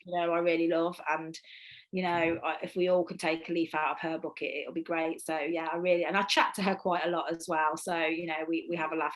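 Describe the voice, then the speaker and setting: A woman's voice: on the low side, fairly bright tone, low-quality recording. A woman chatting as an interview guest, talking enthusiastically with many restarts and laughs. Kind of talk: casual chat.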